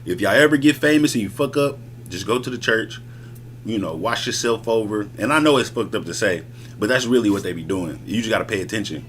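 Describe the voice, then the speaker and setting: A man's voice: on the low side, animated, a little fast, a bit bright, a little hiss or hum. A man streaming live, talking casually and boastfully in slangy street talk. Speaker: streamer reacting to music. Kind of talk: casual livestream chat.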